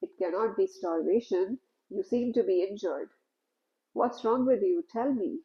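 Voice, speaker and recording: A woman's voice: medium pitch, unhurried, muffled recording, natural voice. A woman voicing a wise, loving old holy man who questions his disciple earnestly, in a told story. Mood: concerned, earnest.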